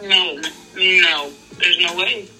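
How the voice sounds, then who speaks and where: A young woman hosts a casual podcast, asking probing questions in a relaxed, conversational way. Her voice is very bright and sharp-edged, and faint music plays underneath. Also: fairly low pitch, takes it slowly, low-quality recording. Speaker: podcast host. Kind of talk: casual chat.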